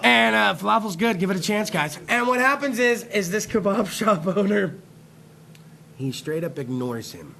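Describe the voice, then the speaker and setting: A man with a high, gravelly voice tells a rambling, profane comic rant as a talk show host. His delivery is excitable, and his tone is bright and sharp. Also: moderate pace, a little hiss or hum. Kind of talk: comedic rant on a live internet talk show.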